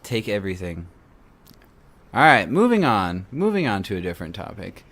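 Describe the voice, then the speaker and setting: A man's voice: on the low side, sing-song, moderate pace, a bit bright. A man hosting a casual podcast chat, joking and rambling with many restarts. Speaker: podcast host.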